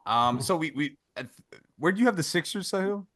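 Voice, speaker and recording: A man's voice: a little high, animated, fairly quick, a bit bright, no echo, studio quality. A man hosting a casual sports podcast, pushing back on points and pulling others into the discussion. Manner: pushes back, steers the talk, asks others in. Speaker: podcast host.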